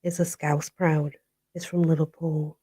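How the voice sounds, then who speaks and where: A woman's voice: deep voice, little pitch movement, unhurried, dark tone, husky. Chatty Yorkshire woman on a live chat. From Barnsley, Yorkshire, England. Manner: chatty, says "you know" constantly. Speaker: livestream host. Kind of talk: casual live chat answering viewer comments.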